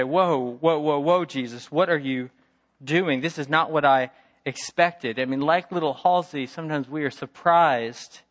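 A man's voice: medium pitch, a bit bright. A middle-aged man preaching a sermon, telling a story with emphatic repetition and acting out the voices of its characters. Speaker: pastor.

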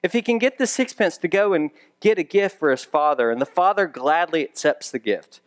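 A man preaching as a pastor, his voice sitting a little high for a man. He talks in a conversational way with dry humorous asides, then builds into emphatic, raised repetitions. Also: lively intonation, fairly quick, clear, resonant tone. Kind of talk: sermon.

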